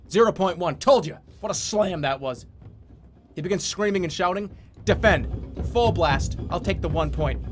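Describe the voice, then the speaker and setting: A man streaming a game, reading the game's text aloud and reacting excitedly, with swearing and mock boasting. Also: fairly high pitch.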